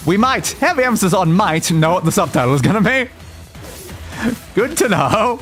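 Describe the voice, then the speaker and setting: A man's voice: sits high, sing-song, moderate pace, long pauses, a bit bright, soft background music. A man streaming a video game, chatting casually and chanting playful sing-song nonsense while he plays. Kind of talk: casual gameplay commentary.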